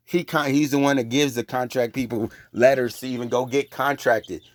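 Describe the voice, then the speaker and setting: Brief: man, mid-range voice, confrontational profane preacher, louder and higher when riled, dry close recording. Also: moderate pace, no room sound. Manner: confrontational and profane, scolding listeners. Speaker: online religious preacher. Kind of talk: heated preaching rant.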